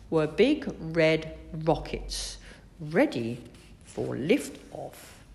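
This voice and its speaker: A woman reading a children's story aloud in an expressive, sing-song way. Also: on the low side, unhurried.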